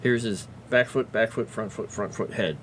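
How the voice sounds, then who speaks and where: A lowish male voice at normal speed, heard over slight background noise, belongs to a livestreamer and fantasy lore writer. He's chatting casually, addressing his pet and viewers with obvious fondness.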